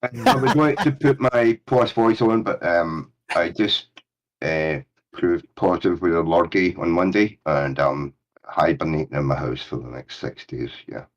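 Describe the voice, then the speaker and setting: A man with a very low voice chats casually as a caller on a live panel. He is hesitant and self-deprecating, often trailing off with fillers. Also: a little slow. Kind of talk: casual chat.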